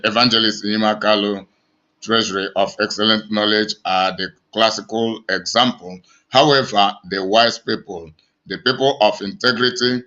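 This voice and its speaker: A man's voice: on the low side, sharp tone, muffled recording. A man with a Nigerian accent, an evangelist preaching emphatically to his online audience, with many restarts and fillers. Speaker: evangelist and channel host.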